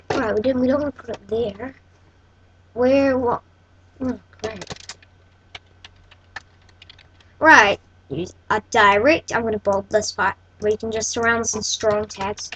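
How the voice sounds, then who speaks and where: A woman's voice: a little high, steady tone, slow, pauses often, a bit bright, a little hiss or hum, poor audio. A woman hosting a casual coding tutorial, thinking aloud and correcting herself as she works. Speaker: tutorial host.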